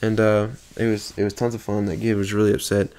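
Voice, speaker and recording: A man's voice: fairly low pitch, completely flat delivery, fast, darkish tone. A young man telling a story from an online game in a casual, profane vlog. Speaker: gaming video creator.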